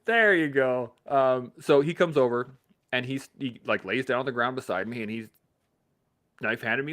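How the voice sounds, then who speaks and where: A man from Canada hosting a live stream, telling a profane, animated story in a casual motivational way, laughing often. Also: medium pitch, moderate pace.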